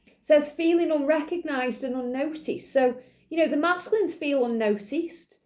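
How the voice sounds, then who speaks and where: A woman giving a spiritual reading to her viewers, talking earnestly and reassuringly, with many "you know"s, and now and then clearing a slight cough from her throat. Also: high voice, moderate pace, a little mellow. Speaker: spiritual reader. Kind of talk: channelled tarot-style reading to viewers.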